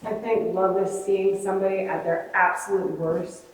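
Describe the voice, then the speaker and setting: A woman from the audience giving soft, thoughtful answers. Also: medium pitch, fairly even intonation, normal speed. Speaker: audience member. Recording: distant voice with heavy room echo.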